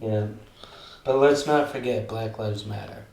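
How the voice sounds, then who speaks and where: A man's voice: on the low side, a little slow, gravelly, a little mellow, reverberant, slight background noise. A tipsy man chatting casually and joking, rambling on between laughs.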